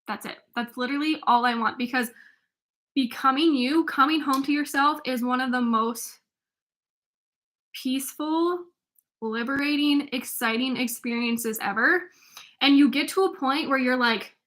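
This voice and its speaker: Speaking at a measured pace, a twenties-aged life coach delivers a loose solo monologue on her coaching podcast. Her voice is high, bright and sharp, and her talk rambles, full of restarts and the filler "like."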